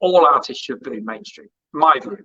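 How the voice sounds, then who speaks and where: A man's voice: medium pitch, animated, normal speed, sharp tone, lo-fi sound. A man who interviews musicians and used to present hospital radio, telling rambling anecdotes in a casual interview and acting out the dialogue he quotes.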